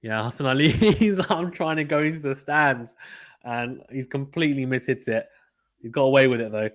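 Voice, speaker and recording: A man from the United Kingdom hosts a casual cricket watchalong at a mid-range pitch. He chats easily, reads out viewers' comments, and his voice lifts when a big shot is played. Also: normal speed. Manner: chatty, reads viewer comments aloud, gets excited at big shots. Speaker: host reading live chat.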